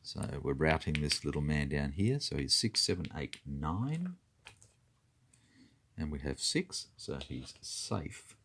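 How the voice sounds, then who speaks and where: Very deep-voiced man calling game moves. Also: very animated, takes it slowly, a bit bright, husky. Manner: methodical, counts moves and dice aloud. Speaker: tabletop wargame player. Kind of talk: talking through a board game turn.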